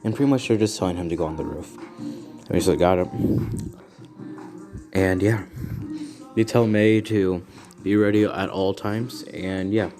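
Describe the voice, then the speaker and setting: A man's voice: low voice, steady tone, normal speed, over music. A young man improvising a fan story, rambling and correcting himself as he goes.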